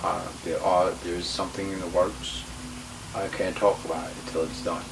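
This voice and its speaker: A man's voice: low voice, flat delivery, moderate pace, vocal fry. A man telling a wrestling story in an interview, heated, emphatic and profane. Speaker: retired pro wrestler. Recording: distant mic with faint hiss.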